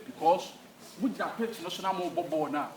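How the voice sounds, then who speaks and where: Speaking a little quickly in a high-pitched voice with a somewhat dark tone, a man with a Ghanaian accent acts as a bossy football coach in a comic skit, blending Twi into his English. He sounds far from the microphone, in an echoey space with a bit of noise.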